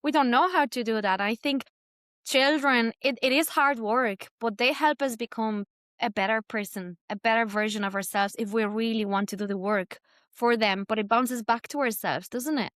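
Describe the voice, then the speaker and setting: A woman hosts a podcast interview in a slightly high voice. She asks long, reflective questions in a thoughtful way, and the recording is dry and close. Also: normal speed, fairly bright tone, no echo. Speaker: podcast host.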